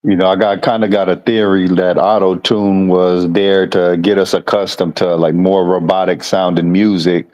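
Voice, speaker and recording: A man's voice: sits low, flat delivery, normal speed, few pauses, a little mellow, rough recording. A man hosting a podcast, chatting casually and hesitantly, repeating words as he thinks. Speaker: podcast host.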